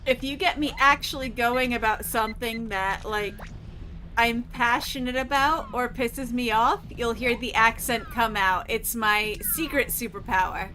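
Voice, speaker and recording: Chatty woman streamer with a bright voice. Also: a little high, a little slow, a little hiss or hum. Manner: rambling, chatty, swears freely. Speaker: gaming streamer. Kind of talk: casual chat while playing. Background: faint game music.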